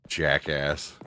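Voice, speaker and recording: Slight background noise sits behind a middle-aged man's fairly low, sharp-toned voice as he streams a game. He's relaxed and slangy in his casual chat, laughing frequently.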